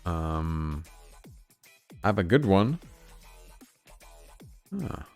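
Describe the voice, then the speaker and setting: A man who reads a philosophy text aloud slowly and haltingly, adding small comments of his own, sounding tired. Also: deep voice, animated, a little mellow, soft background music. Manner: slow, halting reading with comments in between. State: tired, yawning. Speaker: streamer reading philosophy aloud. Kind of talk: reading a text aloud with asides.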